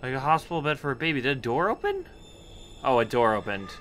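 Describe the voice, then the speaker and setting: A man's voice: mid-range voice, sing-song, fast talker, noisy background. A young man commentating a horror game, nervous and jumpy, chatting to objects around him and yelping at scares. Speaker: gaming YouTuber.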